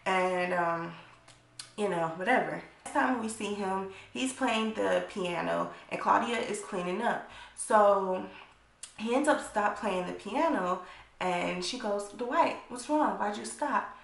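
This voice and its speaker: A woman's voice: medium pitch, slow, gravelly. A young woman casually recapping a TV episode for her channel, chatty and blunt, with frequent profanity and lots of "like". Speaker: YouTuber reviewing a TV episode. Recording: echoey room.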